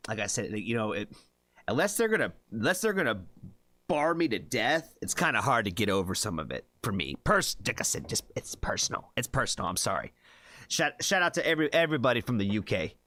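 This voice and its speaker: A man's voice: medium pitch, bright, forceful tone, no echo. A man from the United States hosting a music reaction stream, chatting casually with viewers in a rambling way with lots of fillers. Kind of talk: casual live-stream chat.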